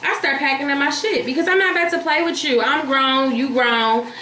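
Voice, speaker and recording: Brief: woman vlogger, fairly high voice, animated and blunt storyteller, echoey room recording. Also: brisk. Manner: animated, blunt, profane, addresses viewers as y'all. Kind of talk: casual storytime chat. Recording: echoey room with faint hiss.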